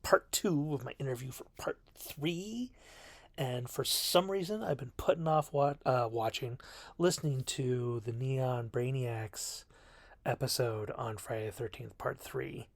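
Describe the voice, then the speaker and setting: A man's voice: medium pitch, unhurried, dry recording. A man giving a rambling, jokey film review from his bedroom, often poking fun at himself. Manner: rambling, self-mocking, jokey. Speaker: video reviewer. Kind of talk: casual film review monologue.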